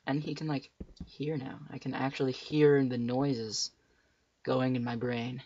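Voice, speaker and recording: Heard through a muffled lo-fi mic, a man hosts a game playthrough with chatty commentary, jumpy and prone to yelping at enemies, and his voice cracks. He has a mid-range, darkish voice with a level tone, and he doesn't hurry.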